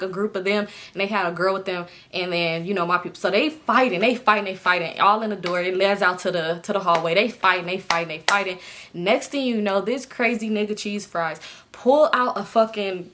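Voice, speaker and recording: A woman in her twenties telling a story casually to camera, animated and swearing freely, jumping up in pitch when she acts out other people. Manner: swears freely, talks straight to viewers. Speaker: storytime vlogger.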